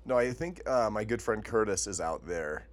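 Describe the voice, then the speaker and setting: A man's voice: lowish voice, expressive, moderate pace, a little hiss or hum. A man with a Montana accent co-hosting a podcast in casual chat, joking and laughing often. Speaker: podcast co-host.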